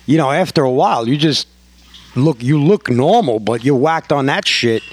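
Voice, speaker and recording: Halting, cursing New host. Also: male voice, medium pitch, animated, slight background noise. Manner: profane, halting, repeats words. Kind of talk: casual chat.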